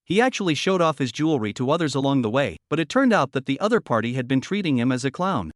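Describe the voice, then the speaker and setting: A man narrating a comic recap in a flat, hurried storytelling manner on a close mic. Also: mid-range voice, no echo.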